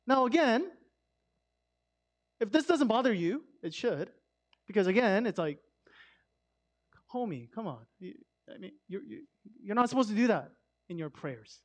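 High-voiced man preaching casually. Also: lively intonation, moderate pace, long pauses. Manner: conversational, emphatic with swings from loud to hushed. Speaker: pastor. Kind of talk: sermon.

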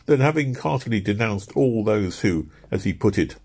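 A man narrating an audiobook in a measured, expressive storytelling manner. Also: on the low side, husky.

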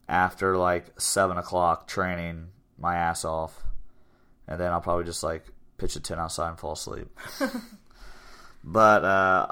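A man in his twenties with a low, fairly bright, clean voice hosts a casual podcast chat about his gym, which he owns. He rambles in an upbeat, self-promoting way.

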